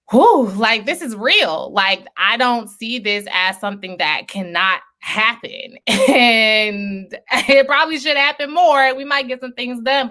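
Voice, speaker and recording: A woman hosting a film screening stream in a chatty, animated way, with many fillers and laughs. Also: mid-range voice. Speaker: host. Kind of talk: casual livestream chat.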